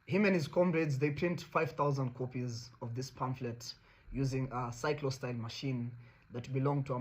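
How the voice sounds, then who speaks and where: A man's voice: mid-range voice, slight background noise. A man with a Kenyan accent narrating a history story, switching between Swahili and English mid-sentence. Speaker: host.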